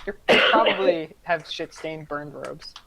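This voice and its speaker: Casting: woman game master, loose and rambling, a bit low-pitched. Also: unhurried, gravelly, a crowd in the background, poor audio. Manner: rambling, many likes and restarts. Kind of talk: running a tabletop game, casual and crude.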